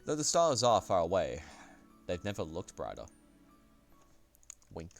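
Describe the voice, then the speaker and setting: A man streaming himself as he reads a visual novel aloud, narrating in the first person in a soft-spoken, unhurried way. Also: low-pitched, wildly swooping pitch, gravelly, faint music behind.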